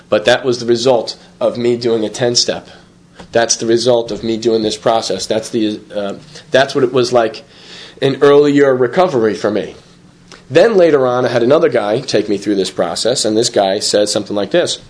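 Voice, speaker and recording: A man's voice: medium pitch, normal speed. A middle-aged man giving a candid personal testimony at a recovery meeting, rambling with many fillers and acting out what others said. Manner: rambling, full of "you know" fillers, acts out others in quotes. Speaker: speaker sharing his story at a recovery meeting.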